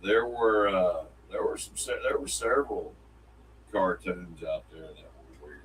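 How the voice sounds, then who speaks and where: A man's voice: low voice, fairly bright tone. A man co-hosting a morning radio show, chatting in a rambling, folksy way. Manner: rambling, folksy, quick to laugh. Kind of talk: casual morning show banter. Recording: somewhat distant mic with faint background noise.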